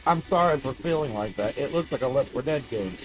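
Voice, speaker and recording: Male reaction streamer, mid-pitched, wry muttered asides, faint music behind. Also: animated, fairly quick, low-quality recording. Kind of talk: casual reaction commentary. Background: faint trailer music.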